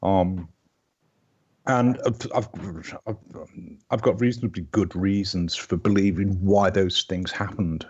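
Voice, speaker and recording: A man in his fifties with a Liverpool accent chats as a guest, his voice sitting a touch low. He rambles and restarts his sentences as he goes. The sound is dull and lo-fi, like call audio. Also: steady tone, unhurried, a little mellow, slightly rough. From Liverpool, England. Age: 50s. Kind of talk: casual live-stream chat.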